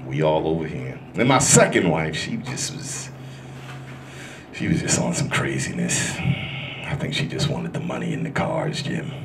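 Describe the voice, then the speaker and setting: A man doing a stand-up comedy set in a club, loud and crude, working the crowd as he tells stories. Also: rumbling low, measured pace, vocal fry. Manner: loud, crude, animated storytelling with crowd work. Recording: live club recording with room noise.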